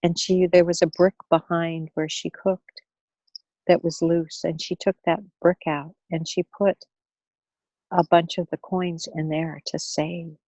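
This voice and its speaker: A woman speaker on money wellness, telling a story in an earnest, gentle way and often repeating words as she goes. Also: fairly low pitch, flat delivery, unhurried, dry recording, muffled recording. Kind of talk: storytelling in a talk.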